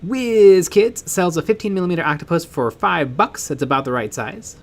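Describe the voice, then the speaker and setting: A man's voice: fairly high pitch, normal speed. A man co-hosting a live miniature painting stream, chatting casually, reading viewer comments and laughing often. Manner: excitable, laughs often, trails off.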